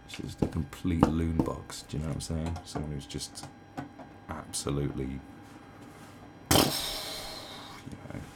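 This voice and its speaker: A man's voice: rumbling low, very noisy. A man in his twenties or thirties ranting about politicians in a casual, sarcastic, profane monologue, slipping into mocking impressions. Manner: sarcastic, mocking, profane, does mocking quoted voices. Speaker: commentary channel host. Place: indoors at home.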